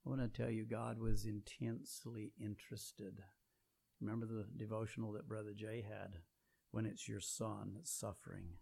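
A man preaching a sermon, swinging between loud emphatic peaks and low quiet passages. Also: level tone, moderate pace, creaky, husky.

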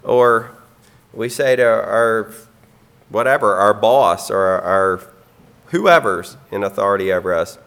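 A man delivers a sermon in a slightly low voice. He speaks earnestly and plainly, pausing often on ums and now and then clearing his throat. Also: animated, a bit bright. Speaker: preacher.

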